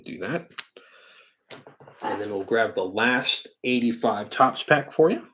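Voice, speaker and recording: A man's voice: fairly low pitch, expressive, takes it slowly, fairly bright tone, a little hiss or hum. A man from New York hosting a live card-break stream, chatting casually and thinking aloud while he opens packs. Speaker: livestream card-break host. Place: indoor card-break studio.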